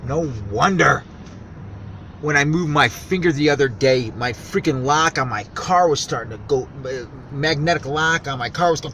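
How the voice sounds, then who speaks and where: A man's voice: fairly high pitch, moderate pace. A man vlogging outdoors by a road, talking in an agitated, conspiratorial way and swearing often. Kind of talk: rambling outdoor vlog. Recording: loud outdoor traffic noise. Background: traffic and street ambience.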